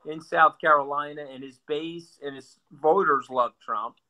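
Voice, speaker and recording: A man's voice: on the high side, unhurried, bright, forceful tone. A male guest talking politics bluntly and sarcastically, often repeating words as he builds a point. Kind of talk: animated political talk.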